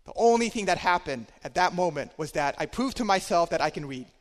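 A man preaching a sermon, telling a personal story in a conversational way, swinging between loud and quiet. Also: high-pitched, expressive, a little fast, long reverb tail.

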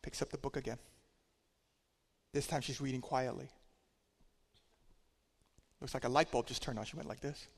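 A man's voice: medium pitch, steady tone, moderate pace, gravelly, long pauses, husky. Man preaching with hall reverb. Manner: conversational storytelling with dynamic loudness swings. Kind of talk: sermon.

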